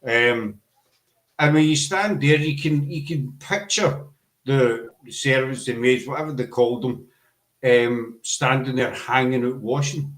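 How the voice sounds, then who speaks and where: A man's voice: medium pitch, a little slow, a bit bright. A man with a Scottish accent hosting a casual podcast chat, rambling and self-deprecating, often restarting his sentences. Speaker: podcast host. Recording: echoey room.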